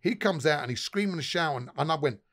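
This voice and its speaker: A man's voice: on the high side, lively intonation, fast talker, a bit bright. A middle-aged man, a pub owner guest, telling stories animatedly with lots of swearing and acted-out dialogue. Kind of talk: casual storytelling.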